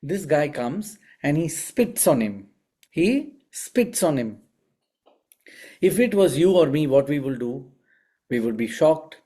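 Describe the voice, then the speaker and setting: A man with a warm, mellow tone and a slightly higher voice teaches about spiritual healing. He tells his stories in an animated way. He often checks in with his listeners through rhetorical questions. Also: a little slow. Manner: asks the audience frequent rhetorical questions; animated storyteller. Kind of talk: teaching talk with storytelling.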